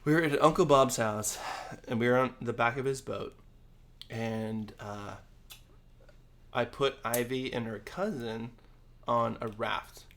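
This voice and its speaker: A young man co-hosting a casual podcast chat, laid-back, with short agreeing replies and halting stories. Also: mid-range voice, fairly bright tone. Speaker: podcast co-host.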